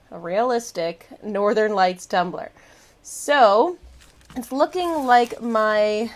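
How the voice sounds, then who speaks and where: A woman hosting a live crafting stream, chatting bubbly and warmly with viewers and greeting them by name. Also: fairly high pitch. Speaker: craft channel host. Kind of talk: casual live-stream chat.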